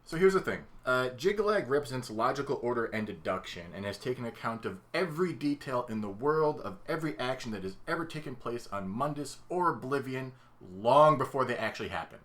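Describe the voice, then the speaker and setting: A man's voice: mid-range voice, lively intonation, brisk, hardly any pauses, a bit bright. A man co-hosting a chatty podcast, explaining at length and laughing easily. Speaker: podcast co-host explaining game lore. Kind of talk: casual podcast chat.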